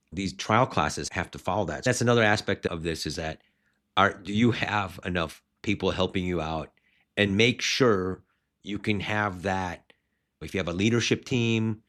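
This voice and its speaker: A man who owns martial arts schools, coaching other owners on a podcast in an animated, rambling way and often restarting his sentences. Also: low-pitched.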